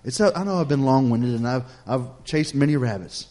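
A middle-aged man, preaching a sermon in a folksy storytelling way that builds to loud exhortation. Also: mid-range voice, expressive, a little fast.

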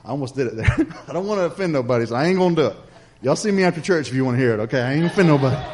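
A man's voice: mid-range voice, lively intonation, racing, darkish tone, a little hiss or hum. A man preaching a sermon, telling a story in a folksy, chatty way and speaking straight to the congregation.

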